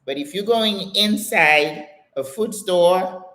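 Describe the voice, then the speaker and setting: An older American woman hosting a live question-and-answer stream, reading viewer comments aloud and telling stories in a chatty, animated way. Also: lowish voice, slow pace. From United States. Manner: chatty, animated storytelling with exclamations and laughter. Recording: echoey room sound.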